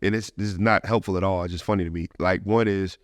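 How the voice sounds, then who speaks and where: A man hosting a podcast in casual chat, playful and animated as he steers the conversation. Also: low voice, quick pace, no echo, studio quality. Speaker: podcast host.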